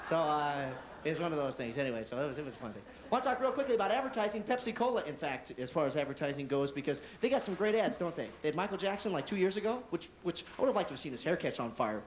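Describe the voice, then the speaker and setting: Fast, animated male stand-up comic. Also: fairly high pitch, a little hiss or hum. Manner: rapid, animated storytelling with restarts. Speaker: stand-up comedian. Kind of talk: stand-up comedy. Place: comedy club.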